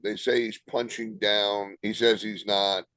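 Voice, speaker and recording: A man's voice: lowish voice, flat delivery, a little slow, a bit bright, dry recording. An older man with a New Jersey accent, a comedian guest telling jokes and anecdotes in a casual interview. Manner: joking, tells anecdotes with punchlines.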